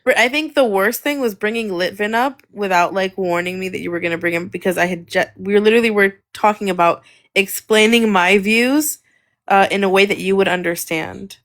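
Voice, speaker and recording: A woman's voice: mid-range voice, fairly quick, fairly bright tone. A woman guest on a livestream, earnestly explaining and defending her views at length.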